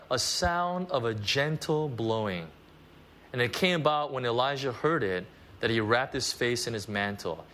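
A man preaching a conversational sermon at a church service, animated and full of asides. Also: mid-range voice, slight background noise. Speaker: pastor.

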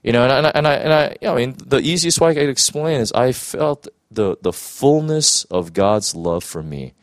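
A man's voice: medium pitch, animated, moderate pace, dry recording. A man who is a pastor telling an emotional personal testimony in earnest conversation, full of restarts and "you know"s.

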